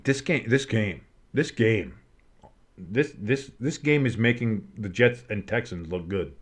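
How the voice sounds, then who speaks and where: A man giving casual play-by-play commentary on a game, rambling and swearing between plays and bursting out with excitement on big ones. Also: lowish voice, unhurried, slightly rough. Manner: rambling, swears, breaks off into nostalgic tangents. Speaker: play-by-play streamer.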